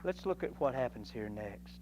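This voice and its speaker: A man teaching a Sunday school Bible lesson in a folksy, animated way, acting out voices from the story. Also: mid-range voice, normal speed, slight background noise, poor audio. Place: church classroom.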